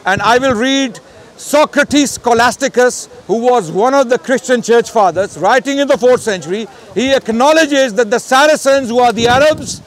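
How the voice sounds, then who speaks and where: Guy debating on the street, loud and insistent, pretty high voice, traffic around. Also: normal speed. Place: outdoors on a city street.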